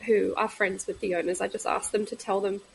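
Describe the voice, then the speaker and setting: A woman in her thirties, a midwife, speaking as a guest in a candid podcast conversation, halting and frank with many pauses and fillers. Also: medium pitch, little pitch movement, creaky, slight background noise, poor audio.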